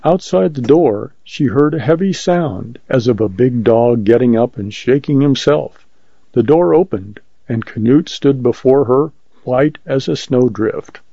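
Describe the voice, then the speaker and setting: Gravelly male story reader, dull recording. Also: medium pitch, no echo. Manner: measured, steady storytelling. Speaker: volunteer reader of short stories. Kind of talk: audiobook story narration.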